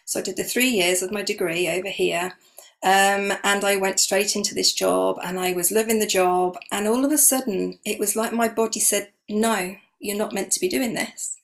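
Middle-aged woman, gravelly voice, spilling her story in an interview, emotional and frank. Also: mid-range voice, steady tone, normal speed. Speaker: guest, energy healer.

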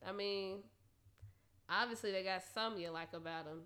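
A woman talking straight to her listeners in a blunt, profane casual monologue, laughing often and getting loud and animated when she rants. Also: mid-range voice, brisk. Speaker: solo talker giving advice.

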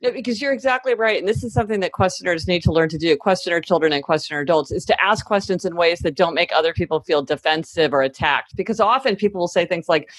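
A woman's voice: fairly low pitch, fast, few pauses, no room sound. A middle-aged woman, an author guest on a podcast, talking in an emphatic, explanatory way in casual conversation. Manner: emphatic, acts out quoted voices while explaining.

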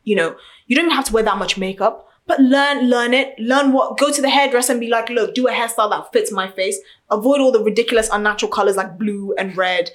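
A woman's voice: a little high, a little fast. Outspoken young woman in casual chat. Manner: outspoken, animated storyteller, acts out quotes.

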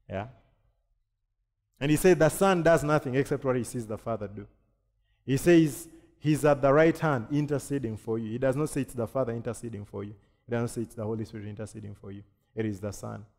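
A male pastor from Kenya delivering a lively sermon, acting out quoted voices and joking with his congregation. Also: medium pitch. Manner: animated preaching with jokes and acted-out quotes. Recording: long hall reverb.

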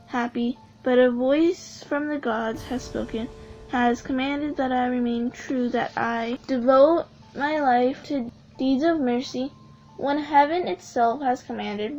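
A man voicing a gentle, devoted young princess in a storybook reading, speaking softly and tenderly. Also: extremely high pitch, dull audio, voice pushed up. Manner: soft, tender and slow.

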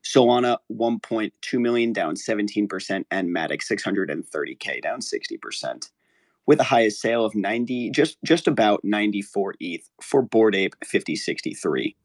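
A man giving a relaxed market update on a podcast, rattling off figures. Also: fairly low pitch, normal speed, no room sound.

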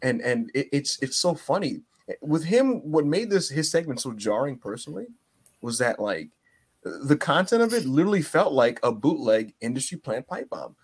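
A man co-hosting a podcast, talking casually and animatedly, sometimes mocking shouted promos in a high strained voice. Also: very animated, normal speed, husky. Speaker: podcast co-host. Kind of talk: casual chat.

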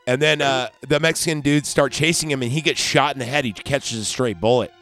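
A man's voice: medium pitch, fairly even intonation, a little fast, fairly bright tone, soft background music. A man casually recapping a movie plot on a podcast, rambling and acting out bits of dialogue. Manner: rambling, acts out scenes in voices. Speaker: podcast host.

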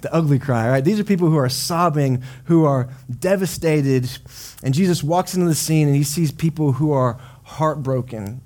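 Animated pastor preaching. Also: male voice, on the high side, moderate pace. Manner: conversational, animated storytelling with dramatic quotes. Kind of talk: sermon. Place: church service.

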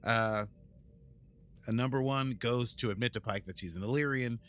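A man's voice: medium pitch, normal speed, fairly bright tone. A man, a podcast host casually recapping an episode in a rambling, playful way. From United States. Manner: rambling, playful, adds sound effects. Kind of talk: casual chat.

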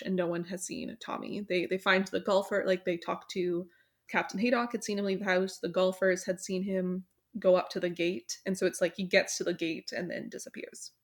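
A woman casually recapping a mystery novel's plot, with many fillers and short acted-out quotes. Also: medium pitch. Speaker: book club podcast host summarizing the plot.

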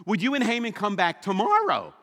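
A man's voice: sits high, huge pitch swings, fairly quick, fairly bright tone, long reverb tail, voice pushed up, heavily acted. A man voicing a shrewd, gracious young queen in a polite, sweet-talking manner, during a sermon retelling. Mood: coaxing.

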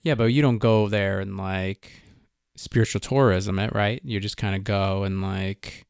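A man's voice: on the low side, fairly even intonation, a little slow, creaky, a little mellow, smooth, no room sound, clean studio sound. A man co-hosting a podcast in a laid-back casual chat, with frequent fillers. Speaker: podcast co-host.

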